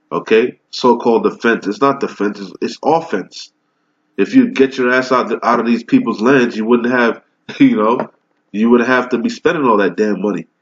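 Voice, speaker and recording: A man in the middle pitch range delivers fiery scripture teaching, firing off rhetorical questions and answering them himself. He slows down to read the verses deliberately. The recording sounds dull and lo-fi. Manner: reads old scripture slowly and deliberately. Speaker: preacher.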